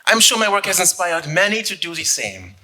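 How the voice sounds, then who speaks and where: A man's voice: sits high, sing-song, brisk, sharp tone, exaggerated voice, poor audio. An actor with a put-on French accent playing a vain, flirtatious eighteenth-century French nobleman, fencer and composer, in a comedic stage skit. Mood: boastful. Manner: pompous, boastful, theatrical.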